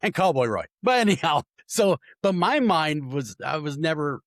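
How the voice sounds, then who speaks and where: A man's voice: fairly high pitch, normal speed, no room sound, clean studio sound. A man, a paranormal investigator, telling a story in casual talk and acting out the voices of the people in it. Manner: animated, acts out voices in his story.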